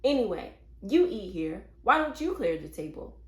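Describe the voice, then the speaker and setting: A woman's voice: mid-range voice, sing-song, normal speed, echoey room. A woman voicing a sulky, impudent little girl who answers back defiantly. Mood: sassy. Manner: defiant, sassy.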